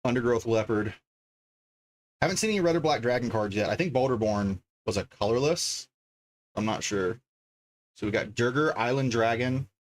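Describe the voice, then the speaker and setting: A man talks his way through a casual livestream from his home desk. His voice sits at an ordinary middle pitch, and he rambles loosely, thinking aloud as he reads out one name after another. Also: normal speed, pauses often. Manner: chatty, thinks aloud, reads card names as he goes. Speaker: livestreamer opening card packs.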